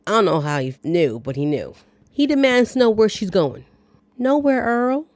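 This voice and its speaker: A woman's voice: lowish voice, sing-song, moderate pace, no echo, clean studio sound. Chatty woman recapping a movie. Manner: chatty, playful asides and reactions. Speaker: movie review host.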